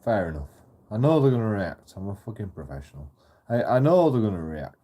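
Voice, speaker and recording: Husky man ranting and swearing. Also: on the low side, very animated, a little fast, mellow. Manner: profane, repetitive ranting. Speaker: channel host. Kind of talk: ranting monologue vlog.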